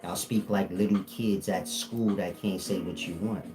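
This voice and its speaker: A man's voice: deep voice, steady tone, measured pace, over music. A man with an African American Vernacular English accent, speaking as a spiritual teacher to a live audience, blunt, profane and joking.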